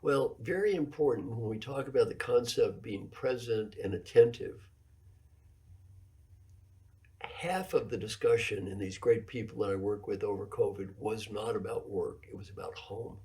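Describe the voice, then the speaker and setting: Man, 70s, executive coach giving a keynote, mellow voice, emphatic storyteller who drives points home by repetition. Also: lowish voice, moderate pace, hardly any pauses. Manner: storytelling, emphatic, repeats key phrases. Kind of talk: keynote lecture with anecdotes.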